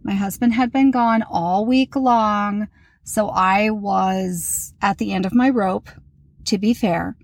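A woman's voice: mid-range voice, slow, vocal fry, dry recording. A woman in her thirties hosting a solo podcast, talking candidly and chattily about her week and poking fun at herself. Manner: candid, chatty, self-mocking. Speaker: podcast host. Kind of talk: casual solo podcast talk.

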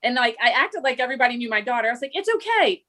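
A woman in her forties, a mother and podcast co-host, telling a story in casual chat with excitement. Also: fairly high pitch, very fast.

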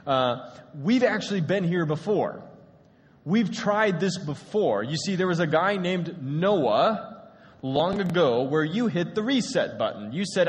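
A man voicing Moses as a calm, reasoning man who argues persuasively. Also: a little high, long reverb tail. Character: level-headed Moses, man, reasoning calmly.

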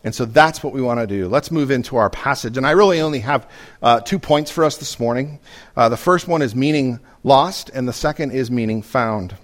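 A man's voice: medium pitch, brisk. A man preaching a sermon as pastor, explaining a passage in an earnest teaching manner, with frequent ums and restarts.

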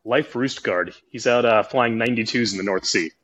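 A man's voice: medium pitch, moderate pace, a bit bright, a little hiss or hum, rough recording. A man who is a helicopter pilot, guest on a podcast, speaking in an easygoing, agreeable way over a remote call. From Oregon, USA. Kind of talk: casual interview conversation.

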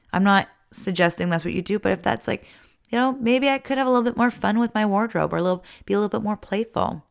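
A woman in her thirties with a slightly low-pitched voice chats to her viewers in a loose, upbeat way. Her talk is casual and rambling, peppered with "like" and "you know.". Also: creaky. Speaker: vlogger.

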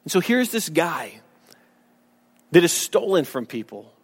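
A man with a high-set voice preaches to his church, earnest and conversational, often restarting his phrases. The sound carries a long reverb from the sanctuary around him. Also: very animated, measured pace, breathy edge. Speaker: pastor. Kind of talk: sermon.

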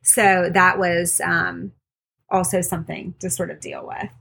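A woman's voice: lowish voice, little pitch movement, measured pace, gravelly, fairly bright tone, a little hiss or hum. A woman midwife and podcast co-host candidly telling a personal story in casual conversation. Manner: candid, storytelling with quoted voices.

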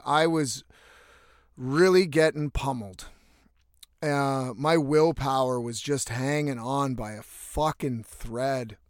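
Man, young adult, casual storytelling, profane, exasperated, slightly high pitch, dry close mic. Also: no echo. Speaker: vlogger.

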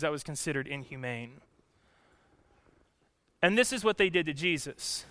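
Guy preaching a sermon, smooth clear voice, dry sound, dramatic storyteller going loud then hushed. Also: fairly high pitch, no echo. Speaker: pastor.

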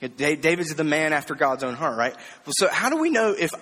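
A man with a slightly high voice preaches in a casual, conversational way. He keeps checking in with the crowd with quick rhetorical questions and drops in easy self-deprecating jokes. His voice rings out with the long reverb of a big hall. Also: very animated, fairly bright tone. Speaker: preacher teaching a series. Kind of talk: conversational sermon.

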